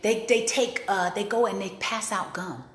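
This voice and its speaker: A woman who is a host and life coach gives an inspirational talk, speaking emphatically and repeating key phrases. Her voice is medium-pitched, steady, and a bit bright at a moderate pace, with a roomy echo and slight background noise.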